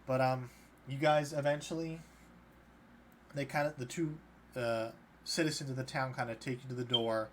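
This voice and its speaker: A man's voice: medium pitch, fairly even intonation, normal speed, pauses often. Guy running a tabletop game, rambling narration full of ums, a bit of noise behind. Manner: loose, hesitant narration with many fillers. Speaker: game master. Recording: faint background noise.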